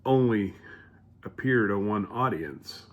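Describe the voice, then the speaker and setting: A man's voice: fairly low pitch, lively intonation, slow. A man casually rambling through a home cooking vlog, chatty and full of fillers, restarts and asides.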